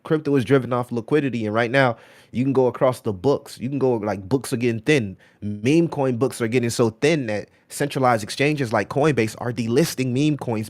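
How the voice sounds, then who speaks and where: Male live-stream host, loose and slangy, talking through viewer comments at a mid pitch. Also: a little mellow. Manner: rambling, slangy, says "bro" and "right?" often; reads out and answers viewer chat. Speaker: crypto livestream host.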